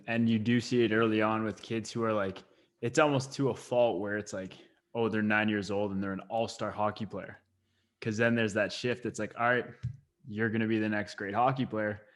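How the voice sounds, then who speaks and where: Flat-voiced podcast host. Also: male voice, fairly low pitch, fairly quick. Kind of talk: casual podcast chat.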